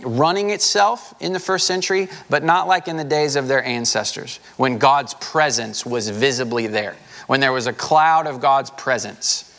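A male pastor preaching in an easygoing, folksy way, speaking to the congregation as if chatting with friends. His voice sits at a middle pitch, and he fills his talk with ums and uhs and stops to correct himself. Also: normal speed, creaky, a bit bright. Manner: conversational, folksy preaching with filler words. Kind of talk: sermon.

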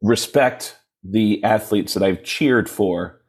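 Husky-voiced man telling comic stories. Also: fairly low pitch, slow pace. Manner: animated, self-deprecating, laughs often, lots of restarts. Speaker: guest comedian. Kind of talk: casual storytelling in conversation.

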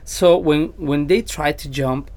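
A man's voice: on the high side, unhurried, a little mellow. A man working as a vocal coach who chats casually on a podcast, often repeating words and laughing easily, with slightly phrasing.

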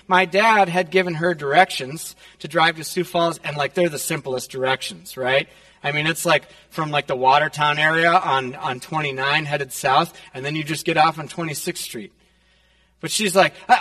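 A man's voice: fairly high pitch, sharp tone, in a large hall. A male pastor preaching casually, telling a personal story with many fillers, in a church. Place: church sanctuary.

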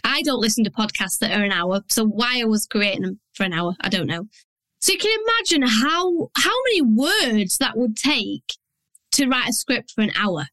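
A Yorkshire woman talks straight to her podcast listeners, blunt and down to earth, with a fairly high voice. The sound is dry and close, with no room around it. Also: big pitch swings, normal speed, bright, forceful tone, no echo, low-quality recording. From Yorkshire, England. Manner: blunt, down-to-earth, chatty with mild swearing. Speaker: business coach and podcast host. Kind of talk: solo podcast monologue.

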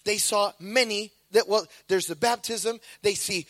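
A man's voice: high-pitched, measured pace, dry recording. A man preaching a sermon, telling stories animatedly and acting out voices. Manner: animated storytelling with acted voices.

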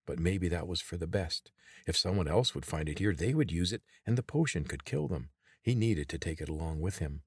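A man narrating a fantasy audiobook in a steady, measured way. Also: low-pitched, no echo, studio quality. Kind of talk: scripted narration.

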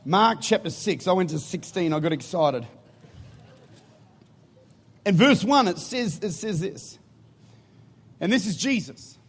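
A man's voice: sits high, expressive, a little slow, pauses often, slightly rough. A man preaching a sermon in a church, rousing the congregation with energy. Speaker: guest preacher.

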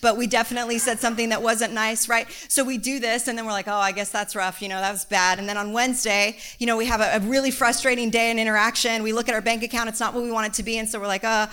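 A young adult woman preaching a conversational sermon, acting out everyday inner voices and building to loud, emphatic passages. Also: a little high, level tone, very fast, hardly any pauses, clear, resonant tone.

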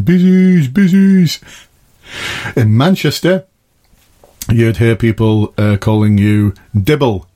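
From a summer house in his garden, a middle-aged ex-police officer with a fairly low, warm voice hosts a casual advice podcast, chatting freely and laughing along at his own jokes.

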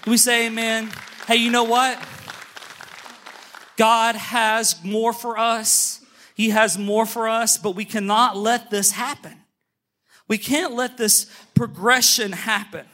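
A man preaching a sermon, emphatic, calling the congregation to look at him and say amen, slowing on key phrases and speeding through asides. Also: extremely high pitch, fairly even intonation, bright, forceful tone, some chatter behind. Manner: emphatic, calls for amens and attention; shifts between brisk asides and slow stressed phrases. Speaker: pastor.

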